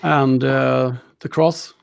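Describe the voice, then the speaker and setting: A man's voice: medium pitch, steady tone, takes it slowly, gravelly, clean tone. A man narrating a tabletop game as game master, with hesitant fillers.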